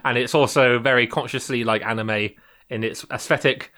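A man with a bright, forceful voice chats casually as a podcast co-host. He rambles, hesitates and restarts his sentences often, and he. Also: medium pitch, fairly even intonation, normal speed. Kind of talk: casual chat.

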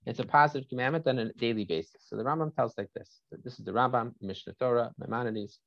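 A man's voice: medium pitch, quick pace, creaky, dry recording, dull audio. A man teaching a Torah lesson through a story, often stopping to check in with "right?" and "okay?" and restarting phrases as he thinks aloud.

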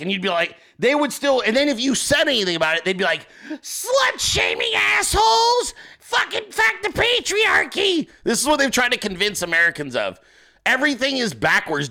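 On his political commentary show, a man rants crudely and sarcastically without a script, swearing nonstop and addressing listeners in frequent asides. His voice sits high with a sharp tone.

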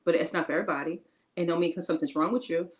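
A woman's voice: on the low side, very fast, rough recording. A woman co-hosting a faith-based podcast, giving emphatic encouragement in casual talk and repeating her key phrases. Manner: informal, casual grammar. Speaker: podcast co-host.

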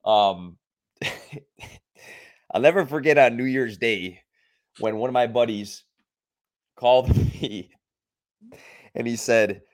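A young man in a relaxed podcast chat. He spins animated party stories at a middle pitch and acts out what people said. His delivery is loose and full of fillers. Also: takes it slowly, pauses often. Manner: animated storyteller, acts out quoted lines. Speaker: podcast co-host. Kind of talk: casual storytelling chat.

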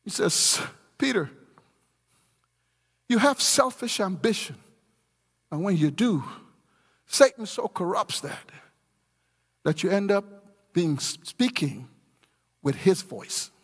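A middle-aged man preaching a sermon as pastor, swinging from low murmurs to shouted emphasis. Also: big pitch swings, takes it slowly, long pauses, slightly rough. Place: church. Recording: long reverb of a large church hall.

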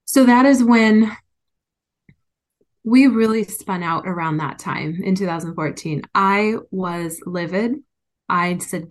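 A woman from the United States, appearing as an interview guest, candidly tells a personal story with emotion. Her voice is on the low side, and she takes her time.

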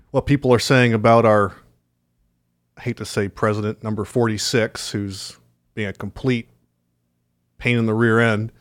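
A man's voice: mid-range voice, smooth. A man co-hosting a podcast, talking in a wry, conversational way with an indignant edge. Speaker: podcast co-host. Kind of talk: casual podcast talk.

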